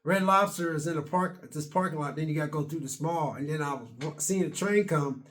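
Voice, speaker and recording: Casual vlogger, man around sixty, slightly high voice, rambling and chatty. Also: fairly quick, fairly bright tone. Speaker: video blogger. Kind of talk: casual rambling opinion vlog.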